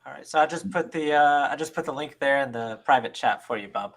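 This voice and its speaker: A man with a bright, sharp voice co-hosts a live stream. He keeps things moving in a brisk, upbeat way. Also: a little high. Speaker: co-host. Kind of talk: casual live stream hosting.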